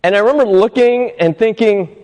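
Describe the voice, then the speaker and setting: A man's voice: high-pitched, brisk, a little mellow. A man hosting a reflective motivational talk, telling stories in an earnest way and briefly acting out the people he quotes. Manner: earnest, acts out quoted voices, laughs often. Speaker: host giving a motivational talk. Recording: long reverb.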